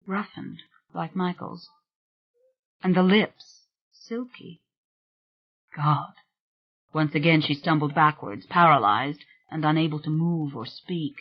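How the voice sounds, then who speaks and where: An audiobook narrator reads a gothic novel in a slow, measured, even voice. The delivery is unhurried and steady. The recording sounds dull and lo-fi. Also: medium pitch, slightly rough.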